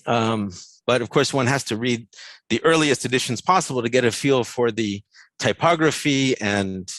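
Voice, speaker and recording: An American man giving an academic seminar talk over a video call, relaxed and self-deprecating, with many fillers. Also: mid-range voice, moderate pace, no room sound. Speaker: guest lecturer.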